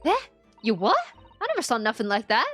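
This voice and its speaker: A woman's voice: fairly high pitch, huge pitch swings, a little fast, a bit bright, faint music behind, heavily acted. A woman voicing a brash, cheeky young girl who works as a police inspector, with a put-on Cockney accent and blunt, slangy talk. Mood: indignant.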